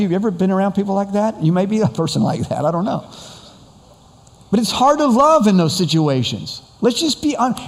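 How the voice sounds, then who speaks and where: A man's voice: fairly high pitch, a little mellow, in a large hall. A man preaching a sermon as pastor, earnest and conversational, often repeating and stressing words.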